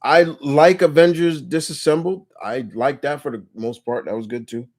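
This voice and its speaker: A man's voice: fairly high pitch, fairly even intonation, normal speed, darkish tone. A man hosting a casual live question-and-answer chat, laid-back, laughing often and rambling with restarts. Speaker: host.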